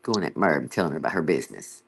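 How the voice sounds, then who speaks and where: A male host chatting casually with a caller, friendly, and often clearing his throat. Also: extremely low pitch, animated, fast talker. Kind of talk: casual chat.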